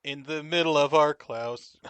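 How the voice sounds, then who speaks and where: A man's voice: fairly high pitch, unhurried, a bit bright, clean tone, no echo. A man co-hosting a podcast, recapping a TV episode in casual chat, joking and laughing often. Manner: jokey, laughs often, puts on silly voices. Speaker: podcast co-host.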